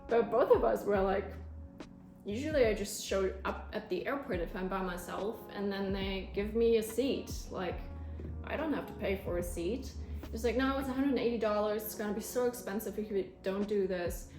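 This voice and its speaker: A young woman vlogger telling her own story with animated feeling, with a turn of phrase. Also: mid-range voice, normal speed. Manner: emotional, animated storytelling, close to tears at times. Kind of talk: storytelling vlog. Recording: echoey room with faint music.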